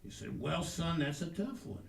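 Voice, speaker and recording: A man hosting a comedy talk show, telling rambling folksy stories with loud outbursts. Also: on the high side, very animated, moderate pace, gravelly, roomy sound, recorded from a distance. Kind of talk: comic storytelling monologue.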